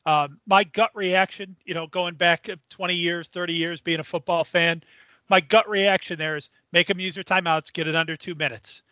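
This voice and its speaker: A middle-aged man co-hosting a casual sports podcast, talking in a measured, thoughtful way. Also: high voice, steady tone, bright, forceful tone, no room sound, lo-fi sound. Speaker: podcast co-host.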